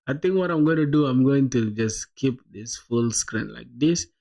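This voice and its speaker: Gravelly man thinking aloud while coding. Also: mid-range voice, normal speed, dark tone, dull audio. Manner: thinks aloud, laughs often, says "bro" a lot. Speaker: streamer coding live. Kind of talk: casual live-coding stream chat.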